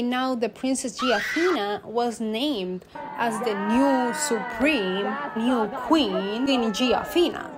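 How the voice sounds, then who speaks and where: Woman doing a fake serious history lesson, kinda high voice, super dramatic, bit of background noise. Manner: dramatic, mock-solemn, breaks into laughter. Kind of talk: mock-serious history storytelling.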